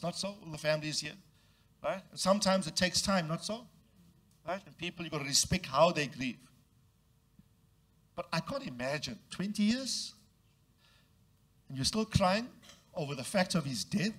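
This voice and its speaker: A man preaching a sermon, leading his congregation to repeat phrases and acting out the voices of the people in the story. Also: sharp tone. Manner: acts out quoted voices with big jumps in pitch. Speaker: pastor.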